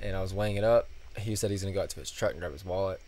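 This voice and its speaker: A man's voice: deep voice, racing, darkish tone. A man co-hosting a podcast, telling everyday work stories in casual chat and chuckling as he goes. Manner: chuckling anecdotal storytelling. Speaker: podcast co-host.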